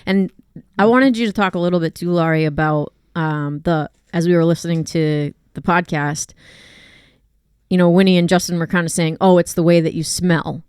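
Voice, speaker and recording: A woman's voice: fairly low pitch, steady tone, moderate pace, a little mellow, clear, resonant tone, no room sound, clean studio sound. A woman, a dog walker and trainer, chatting on a podcast and explaining things through everyday examples, full of "like" fillers. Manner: conversational, explains with hypotheticals, many fillers like "like". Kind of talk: casual chat.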